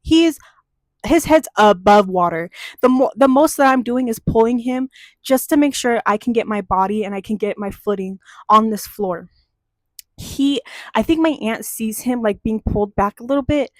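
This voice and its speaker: Young woman ranting through a childhood story, kinda high voice, swears a lot, dry close mic. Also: measured pace, dry recording. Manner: animated, swears freely, gets heated. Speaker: podcast host telling a childhood story. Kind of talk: casual storytelling chat.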